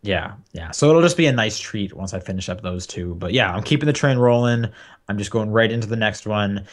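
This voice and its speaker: A man's voice: on the low side, expressive, a little fast. A young man co-hosting a podcast, chatting casually about video games with lots of fillers and restarts. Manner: rambling, many fillers and restarts. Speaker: podcast co-host. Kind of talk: casual game chat.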